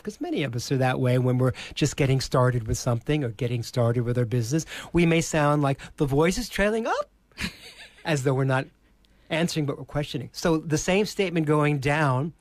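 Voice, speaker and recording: A male presentation skills coach on a podcast, explaining voice technique slowly and deliberately, and demonstrating exaggerated inflections. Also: on the high side, dry recording. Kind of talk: teaching voice technique in a podcast interview.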